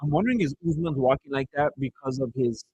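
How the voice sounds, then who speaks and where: A man's voice: medium pitch, fast talker, a little mellow, breathy edge, no room sound, rough recording. A man streaming a fight watch-along, chatting casually and rambling through stories between reactions. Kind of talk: casual live commentary.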